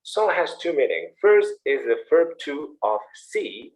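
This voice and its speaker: A man's voice: a little high, measured pace, poor audio. Encouraging man teaching English. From Indonesia. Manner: lively, encouraging, repeats key points with "okay?" and "all right". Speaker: English instructor. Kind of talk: online speaking class lecture.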